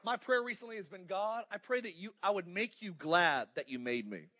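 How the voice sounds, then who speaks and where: A high-pitched middle-aged man preaches with fire, urging the congregation on with call-outs. He swings between loud bursts and quiet, close asides, speaking through a stage microphone in a church auditorium. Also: moderate pace. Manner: fiery, animated preaching with crowd call-outs. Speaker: pastor. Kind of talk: sermon.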